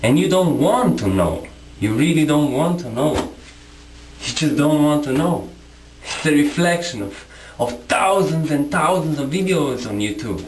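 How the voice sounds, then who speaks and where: Male vlogger, combative rant to camera, lively swinging pitch, echoey room. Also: a little slow, slight background noise. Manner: confrontational, repetitive, rhetorical questions. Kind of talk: impassioned monologue to camera.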